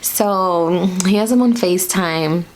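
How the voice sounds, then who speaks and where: A woman from Dallas telling a storytime vlog in a chatty, animated way, full of "like" fillers. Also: fairly low pitch, takes it slowly. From Dallas, Texas. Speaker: nail artist and vlogger.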